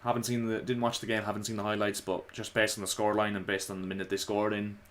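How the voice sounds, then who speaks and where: Man, lowish voice, slightly hoarse, casual opinionated football vlog chat. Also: little pitch movement, fast talker, a bit bright. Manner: chatty, opinionated, addresses viewers as lads. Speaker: football vlogger. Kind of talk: casual football commentary to camera.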